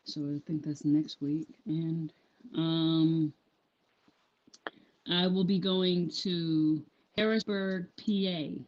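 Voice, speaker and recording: A woman with a deep, slightly mellow voice talks slowly and steadily on a live stream about her handmade clothing business. She rambles, saying "um" a lot and restarting sentences, and the audio is dull and lo-fi.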